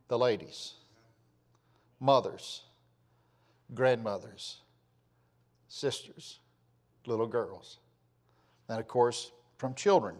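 A man preaching a sermon in an earnest, pleading way, his voice dropping softly at the ends of phrases. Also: mid-range voice, big-room sound.

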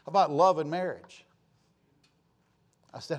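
A man with a Southern US accent preaching a sermon, telling folksy stories and swinging between loud calls and low asides. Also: moderate pace, long pauses. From Georgia, US. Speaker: pastor.

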